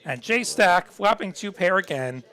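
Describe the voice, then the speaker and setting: A man's voice: high voice, lively intonation, measured pace, bright, forceful tone. A man doing live play-by-play commentary on poker, easygoing and analytical as he walks through each hand. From not from Texas.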